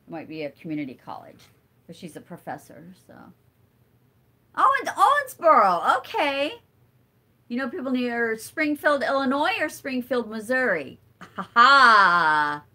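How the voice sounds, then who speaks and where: A chatty middle-aged woman hosting a relaxed livestream, answering viewer comments as she crafts. She talks at an unhurried pace and wanders off as she thinks aloud. Her voice sits a little high. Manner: chatty and rambling, thinks aloud with many fillers. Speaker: livestream host. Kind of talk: casual live chat answering viewer comments while crafting.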